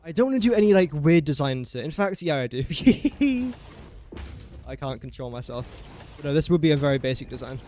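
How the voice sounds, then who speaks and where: A man's voice: a little high, fast, darkish tone, slight background noise. A young man, chatting casually while live-streaming a building game and talking himself through each step. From England. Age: young adult. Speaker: gaming streamer. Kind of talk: casual live gameplay commentary.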